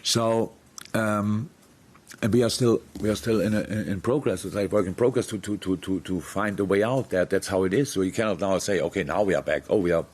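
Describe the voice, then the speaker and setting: Man answering press questions, low voice. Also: normal speed. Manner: frank, animated, many restarts. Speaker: football manager. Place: press conference room.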